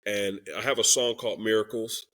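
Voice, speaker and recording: A young Christian rapper appears as a podcast guest, telling a personal story candidly, earnestly and with emotion. His lowish voice is a bit bright and steady, a little fast, and he acts out the quoted dialogue of the people involved.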